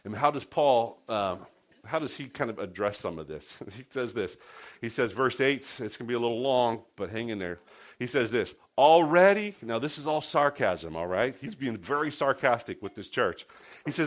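Animated male preacher with a lively voice. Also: mid-range voice, moderate pace. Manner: animated, swings from hushed to loud and sarcastic; conversational, asks the congregation rhetorical questions. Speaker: pastor. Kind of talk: sermon.

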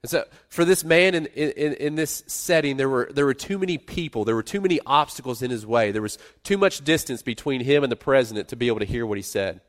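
A middle-aged man preaching a sermon in a conversational way, rising to loud emphasis and dropping to quiet asides. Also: medium pitch, quick pace, few pauses. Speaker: pastor.

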